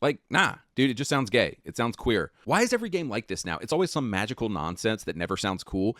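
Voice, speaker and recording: A man's voice: lowish voice, big pitch swings, fast, fairly bright tone, no echo, studio quality. A man ranting in a video commentary clip, indignant and sneering.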